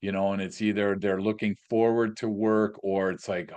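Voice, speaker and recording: A man's voice: lowish voice, little pitch movement, normal speed, a little mellow. A man hosting a podcast, enthusiastic and affirming, using lots of fillers as he moves the conversation along. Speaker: podcast host. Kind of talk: podcast interview.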